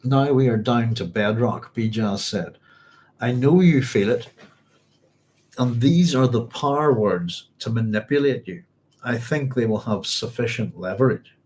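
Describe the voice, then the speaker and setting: A man's voice: mid-range voice, unhurried, a little mellow, a little hiss or hum. A man hosting a book club, reading passages aloud and thinking them through as he goes, often saying "if you like.". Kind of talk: reading aloud and discussing a novel.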